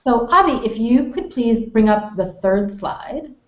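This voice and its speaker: An American woman teaching English conversation, explaining clearly and acting out example phrases with exaggerated tone. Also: on the high side, animated, a little slow. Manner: friendly, explanatory, models phrases with exaggerated intonation. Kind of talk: online English lesson hangout. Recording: roomy, dull web call audio.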